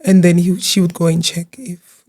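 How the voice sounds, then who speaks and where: A woman speaks as an interview guest in a low, mellow voice. She talks earnestly and haltingly, often repeating words as she searches for them. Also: fairly even intonation. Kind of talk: personal testimony in an interview.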